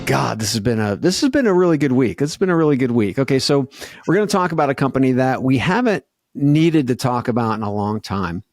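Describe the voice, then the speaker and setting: A man co-hosting a podcast in an energetic, emphatic casual chat. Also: mid-range voice, a little fast, dry recording, clean studio sound, faint music behind. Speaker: podcast co-host.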